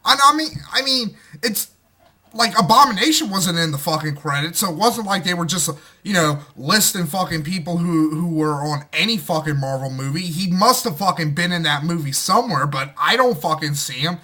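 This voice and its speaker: A fired-up man rants through a movie review, cursing constantly and jumping between grumbling asides and loud exasperated bursts. His voice sits high for a man and sounds very bright and sharp. The delivery is loose, casual and unscripted. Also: moderate pace. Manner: profane, excitable, swings from muttering to shouting.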